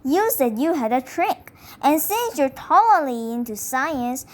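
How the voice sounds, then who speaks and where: A woman's voice: sits high, animated, unhurried, darkish tone. A woman reading as a whiny first-grade boy. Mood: doubtful. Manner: whining, doubtful.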